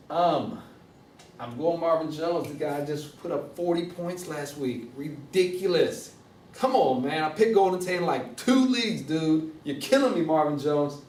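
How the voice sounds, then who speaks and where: A man's voice: a little high, a little mellow, a little hiss or hum. Upbeat young man with a roomy sound. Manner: upbeat, joking, quick picks. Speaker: fantasy football league commissioner. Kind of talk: casual fantasy football rundown. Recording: echoey room, mic at a distance.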